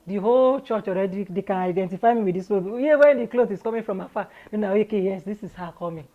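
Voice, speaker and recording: A Nigerian woman, an interview guest, telling her own story in a candid, lively way and laughing often. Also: mid-range voice, fast, phone-quality sound.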